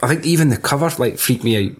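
A man's voice: mid-range voice, quick pace, husky. A man in casual film chat on a podcast, swearing, laughing often and quoting scenes in silly voices.

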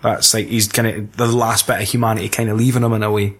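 A man's voice: on the low side, flat delivery, quick pace, fairly bright tone, breathy edge. A man in casual chat about a film, rambling and stop-start, swearing and breaking into mocking voices.

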